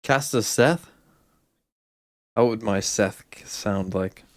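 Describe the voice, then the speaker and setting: A man's voice: on the low side, slow pace, no echo, studio quality. A man co-streaming an esports match, joking bluntly and swearing as he chats with viewers. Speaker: watch-party co-streamer. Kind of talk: casual esports watch-party commentary.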